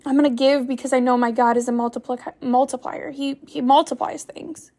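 A woman's voice: high-pitched, fairly even intonation, a little fast, mellow. A young woman, a stay-at-home mom, giving an earnest, preachy faith-based motivational talk full of rhetorical questions as a podcast host.

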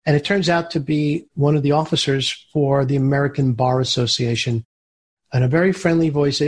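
A man, an entrepreneur and interview guest, telling business stories in a lively way. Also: medium pitch, brisk. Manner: animated storyteller who acts out quoted voices. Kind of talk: storytelling interview answers.

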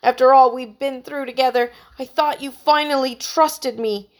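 A woman voices a devoted soap opera leading man, speaking tenderly and reproachfully. Her voice is high and lightly acted, pitched above her natural register, with fairly even intonation at normal speed.

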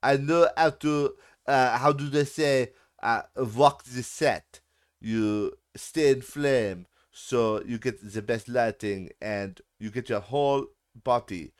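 A man's voice: medium pitch, close to an everyday voice. A man putting on an accent to play a pompous, lecturing film expert. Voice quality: put-on accent. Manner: lecturing, drawn-out.

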